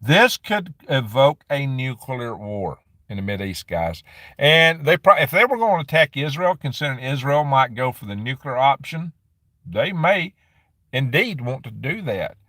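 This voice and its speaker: A man's voice: mid-range voice, very animated, pushed and bright, no echo, studio quality. A middle-aged man hosting a casual live stream from a dim room on his property, rambling as he answers viewer comments. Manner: rambling, chatty, answers comments with quick laughs. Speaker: livestream host reading viewer chat.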